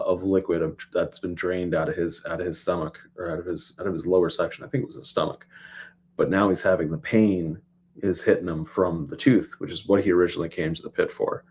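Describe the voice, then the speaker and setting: A man co-hosting a podcast, recapping a TV episode in casual chat with animated storytelling that acts out scenes. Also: sits low, slightly rough. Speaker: podcast co-host.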